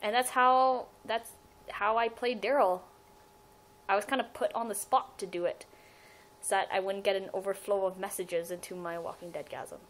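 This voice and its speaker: A woman's voice: medium pitch, steady tone, moderate pace, slight background noise, low-quality recording. A young woman talking to her webcam in a casual fan vlog, answering viewer questions. She rambles, giggles and often cuts herself off mid-sentence. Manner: rambling, giggly, self-interrupting. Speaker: fan vlogger.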